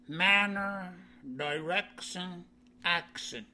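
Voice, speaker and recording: A man teaching vocabulary. He says each word, then explains its meaning in plain, halting English with many "you know"s. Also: fairly high pitch, pushed and bright. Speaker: language teacher.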